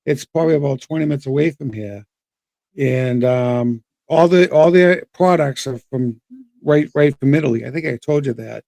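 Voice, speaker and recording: A man's voice: mid-range voice, normal speed, gravelly, a little mellow, dry recording. A man in a casual podcast chat. He rambles and repeats words as he restarts his sentences. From Boston. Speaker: co-host.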